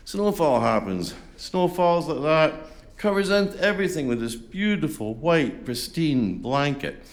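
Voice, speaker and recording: A man chatting between songs at a folk concert, rambling and self-deprecating with lots of fillers, on a stage microphone. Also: on the high side. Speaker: folk singer-songwriter. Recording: live concert with faint music behind.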